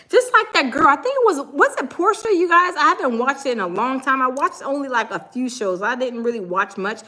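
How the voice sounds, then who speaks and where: A woman hosting a casual livestream, sassy and animated, reading comments from the chat. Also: high-pitched, a little fast, few pauses. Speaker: livestream host.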